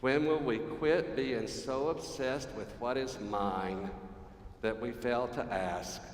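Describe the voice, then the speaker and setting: A man's voice: medium pitch, slow pace, a little hiss or hum. A man preaching a sermon, conversational and humorous, putting questions to the congregation. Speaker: pastor. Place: church sanctuary. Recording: roomy church echo, long reverb.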